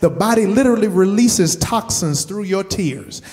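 A man's voice: sits high, animated, normal speed, darkish tone. A man preaching a sermon as pastor, stressing points by repeating words and putting direct questions to his listeners. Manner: asks the congregation direct questions.

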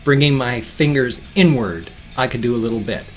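A man's voice: medium pitch, normal speed, soft background music. Chatty, rambling man vlogger. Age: 50s. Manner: rambling, chatty, easily sidetracked. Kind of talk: casual chat.

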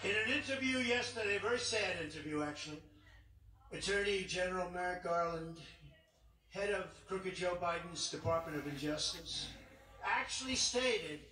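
A man's voice: sits high, a bit bright, slight background noise. A man speaking as a political candidate at a campaign rally, emphatic and repetitive, with rambling asides. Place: large indoor arena. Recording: echoey arena, distant mic.

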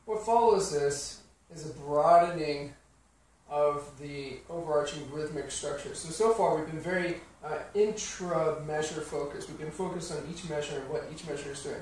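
A man teaching a piano lesson, explaining rhythm calmly and counting beats aloud. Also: on the high side, moderate pace, slight background noise. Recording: very echoey room, slightly distant mic, piano playing.

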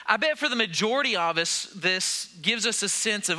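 A man's voice: sits high, animated, moderate pace, hardly any pauses, bright, forceful tone. A man preaching a sermon to a church, talking conversationally and posing questions to the congregation. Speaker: pastor.

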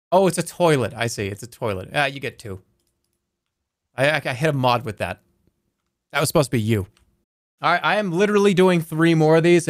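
A man's voice: mid-range voice, no echo, clean studio sound. A man streaming a game live, rambling playfully and reading viewer messages aloud.

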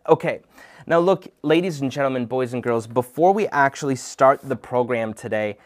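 A man's voice: mid-range voice, moderate pace. A man hosts a children's program with playful, upbeat energy. He addresses young viewers directly and jokes with them as he presents. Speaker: host of a kids' program. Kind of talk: lively kids' show presenting.

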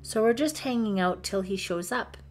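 A woman's voice: mid-range voice, normal speed, close to an everyday voice. A woman voicing a friendly, joking teenage boy camp counselor with an easygoing, teasing manner.

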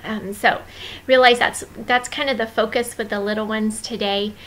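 A woman with a fairly high, bright voice explains the week's children's activities to church volunteers. She speaks in a friendly, instructive way, often pausing with fillers as she goes. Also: steady tone, rough recording. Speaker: children's ministry leader. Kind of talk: volunteer training walkthrough.

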